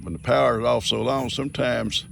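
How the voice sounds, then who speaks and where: Folksy gravelly older man. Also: medium pitch, flat delivery, fairly quick, a bit bright, slight background noise. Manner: folksy, talks sweetly to his animals. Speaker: farm vlogger. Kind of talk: casual farm vlog. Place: outdoors on a farm.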